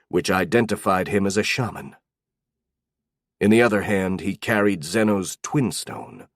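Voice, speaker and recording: A male narrator with a fairly low voice reads a scripted fantasy audiobook in a steady, even storytelling manner. The sound is clean studio quality with no room sound.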